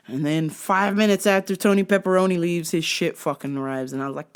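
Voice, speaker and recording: A woman's voice: on the low side, brisk, hardly any pauses. A woman telling a comic story in a profane, sarcastic way. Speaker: host. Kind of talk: comedic storytelling.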